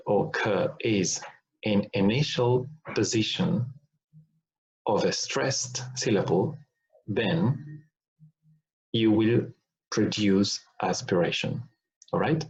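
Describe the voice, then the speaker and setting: A man talks through a phonetics lesson at a slow, careful pace. He repeats example words to demonstrate each sound and often checks in with "all right?" The recording is dull and lo-fi. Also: lowish voice, darkish tone. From Argentina. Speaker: phonetics teacher.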